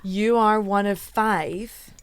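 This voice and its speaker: A Scottish woman hosting a casual podcast chat, chatty and quick to laugh at herself. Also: mid-range voice, fairly even intonation, clean tone, dry recording. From Scotland. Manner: chatty, laughs often, self-mocking asides. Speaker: podcast host.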